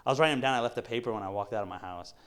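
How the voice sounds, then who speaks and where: A man's voice: medium pitch, rapid-fire, a bit bright, smooth. Laid-back young man telling stories. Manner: laid-back storyteller, swears a lot, laughs often. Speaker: podcast co-host. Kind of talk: casual chat.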